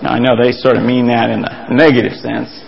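A man preaching a sermon as a pastor, earnest and emphatic, his pitch leaping up to stress a point. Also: little pitch movement, a little fast, gravelly, in a large hall, muffled recording.

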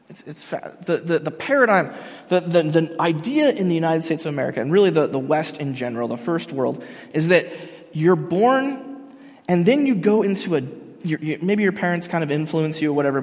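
A man preaching a sermon in an animated way, acting out quotes, with frequent restarts. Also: a little high, in a large hall. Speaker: pastor.

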